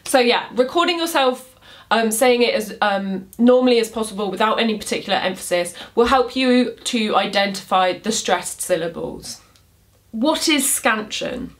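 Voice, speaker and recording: A woman's voice: on the high side, expressive, moderate pace. A young woman in her twenties teaching poetry in a casual video lesson, chatty, with many ums and self-deprecating asides.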